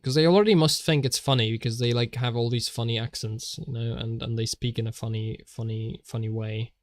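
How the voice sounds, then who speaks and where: A man's voice: medium pitch, steady tone, brisk, no echo, clean studio sound. A man streaming while he draws, rambling in a jokey way and often laughing.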